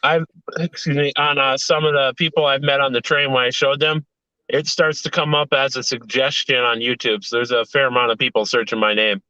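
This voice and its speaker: A man's voice: mid-range voice, level tone, fairly quick, sharp tone, clear, resonant tone, dry recording, dull audio. A tired man, a guest on a show, talking casually in a rambling way with small restarts. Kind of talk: casual interview talk.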